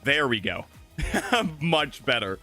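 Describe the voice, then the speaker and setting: Young male streamer, slight lisp, bright forward voice, chatty and rambling over gameplay, quiet music underneath. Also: mid-range voice, very animated, slow pace. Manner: rambling, chatty, with frequent fillers and self-corrections. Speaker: gaming streamer. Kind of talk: casual gameplay commentary. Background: soft game music.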